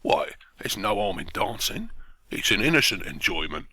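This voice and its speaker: A man's voice: lowish voice, big pitch swings, moderate pace, bright, forceful tone, breathy edge, no room sound, pitched below the performer's own voice, exaggerated voice. A man voicing a mischievous male actor who teases smugly and turns sulky when crossed. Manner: smug teasing, turns sulky. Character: cheeky, mischievous male actor, sulks easily.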